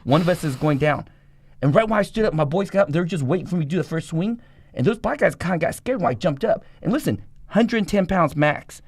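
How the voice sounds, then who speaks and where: A middle-aged man telling a rough life story in an interview, in a rapid, profane and animated way. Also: fairly high pitch, dry recording. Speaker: guest.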